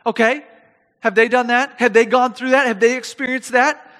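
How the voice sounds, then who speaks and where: A man preaching a sermon, animated and reading scripture aloud, often repeating his words. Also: very high voice, moderate pace, in a large hall.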